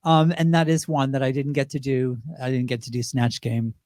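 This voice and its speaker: A man chatting as a guest on a talk show, animated and chatty, with lots of restarts and asides. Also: mid-range voice, moderate pace, dry recording, clean studio sound. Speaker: guest, drag performer. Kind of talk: casual interview chat.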